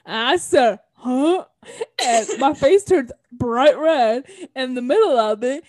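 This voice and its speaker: A woman's voice: high voice, lively intonation, unhurried, darkish tone, dry recording, studio quality. A young woman in college telling an embarrassing story in casual chat, laughing often as she talks. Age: young adult. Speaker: podcast co-host.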